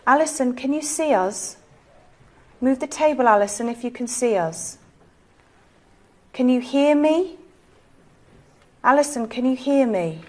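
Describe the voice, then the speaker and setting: A woman leading a ghost-hunt séance, asking soft, coaxing, pleading questions. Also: high-pitched, lively intonation, unhurried, long pauses. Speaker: séance leader.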